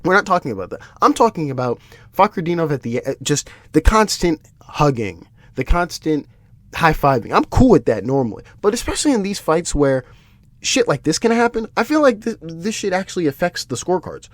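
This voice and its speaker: A man's voice: a little high, very animated, fairly quick, a bit bright, no room sound. A man hosting a solo podcast, ranting with exasperation, swearing and often restarting his sentences. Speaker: podcast host. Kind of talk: solo MMA podcast commentary.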